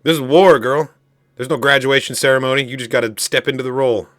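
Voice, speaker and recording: A man giving casual reaction commentary on a show, animated, loud and joking, with some swearing. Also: medium pitch, fast talker, no room sound, faint music behind. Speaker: reaction host.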